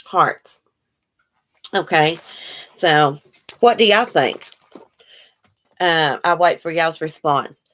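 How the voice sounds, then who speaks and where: Hosting a casual livestream, a woman speaks slowly with long pauses in a low, slightly bright voice. She welcomes viewers by name and talks over what they've commented.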